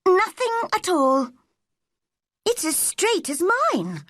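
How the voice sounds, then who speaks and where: A woman's voice: extremely high pitch, wildly swooping pitch, slow pace, no room sound, clean studio sound, voice pushed up, heavily acted. A woman doing a cross, stubborn little girl. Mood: firm. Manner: sharp and scolding.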